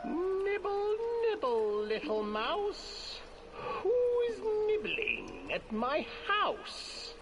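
Man doing a shrill old witch from a storybook. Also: wildly swooping pitch, vocal fry, full character voice. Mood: coaxing. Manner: shrill, drawn-out crooning voice. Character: cruel cackling old witch, greedy and coaxing. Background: music.

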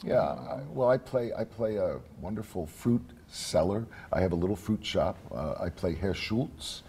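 A man, a stage actor, answering questions in a TV studio interview, halting often with "uh". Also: low-pitched, a little hiss or hum. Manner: relaxed, halting, frequent "uh"s. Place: TV news studio.

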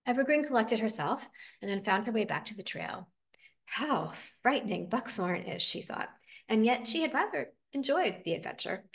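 A woman reading a picture book aloud with expressive, dramatic storytelling. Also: on the high side, fairly quick. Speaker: storybook reader.

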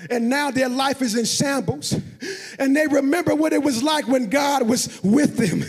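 A senior pastor, a man, preaches a sermon in a church sanctuary with a strikingly high-pitched voice. He slides into shouted and half-sung cadences and calls out to the congregation. The sound rings with the long reverb of a large hall. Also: normal speed.

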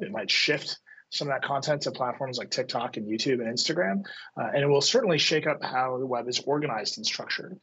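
A man's voice: mid-range voice, a bit bright. A man guest explaining in a remote news interview, fluent and analytic with frequent filler uhs, over a video link. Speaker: interview guest, tech editor. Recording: husky, dull remote audio.

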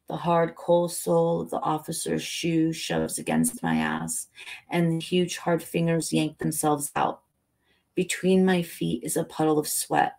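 A woman reading a novel aloud as a bedtime story, steady and low-key. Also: slow pace, creaky. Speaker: audiobook reader.

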